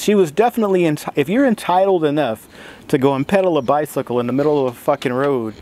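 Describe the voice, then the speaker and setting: Man telling a profane story on his vlog. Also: fairly high pitch. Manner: profane, laughing, animated storyteller. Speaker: vlogger.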